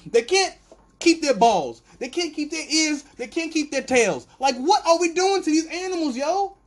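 A man with a very high voice hosts a podcast at normal speed, delivering a loose, rambling comedic monologue. He tells stories animatedly, slipping into voiced bits as he goes.

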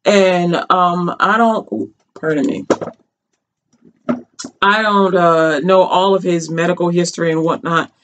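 A woman's voice: fairly low pitch, fairly even intonation, measured pace, pauses often, background noise. A woman vlogger in casual storytelling commentary, chatty and rambling, with many fillers and restarts, colloquial and earnest.

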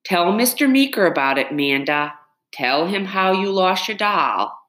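Anxious mother, voiced by a woman reader, quick and lively. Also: lowish voice, pitched above the performer's own voice. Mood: nervous. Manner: quick, nervous explaining. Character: nervous mother telling a quick cover story. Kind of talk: audiobook character reading.

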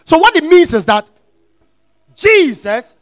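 A male preacher teaches slowly, repeating key phrases and asking if his listeners are following. His very high voice swings widely, climbing into shouted, sing-song peaks. The sound is dry and close. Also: very animated, dry recording. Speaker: pastor. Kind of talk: sermon teaching.

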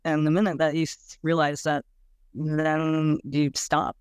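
Speaking unhurriedly and flatly, a woman with a low, clear, resonant voice recalls her own life in an interview recorded cleanly in a studio without echo. She's frank and casual, says "like" a lot, and drops the odd blunt swear word.

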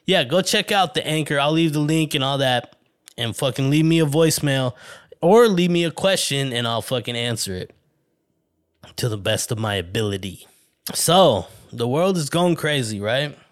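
A man hosting a solo podcast, rambling casually, swearing constantly and laughing often. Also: medium pitch. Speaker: podcast host.

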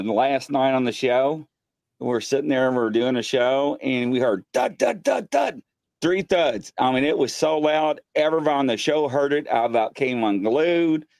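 A man hosting a live paranormal show from his home studio, telling ghost stories excitedly and acting out what people said. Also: mid-range voice, no echo. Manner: excitable storyteller, acts out quotes. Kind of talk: casual live-stream chat. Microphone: desk mic.

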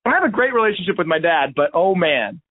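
High-voiced male guest on a tinny line. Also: sing-song, quick pace. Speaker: guest, teacher. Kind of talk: casual chat. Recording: dry tinny phone-like line.

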